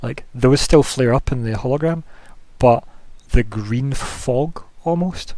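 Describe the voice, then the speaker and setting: A man's voice: medium pitch, slow pace, mellow, a little hiss or hum. A man narrating as game master, describing scenes loosely with many fillers.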